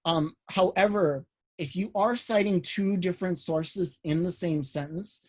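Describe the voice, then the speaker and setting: A man with a fairly high voice lectures a writing class over a video call. He talks loosely and conversationally, stopping and restarting his phrases and filling pauses with "um" as he walks through the rules. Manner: casual, many "um"s and restarts, explains step by step. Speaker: college writing instructor.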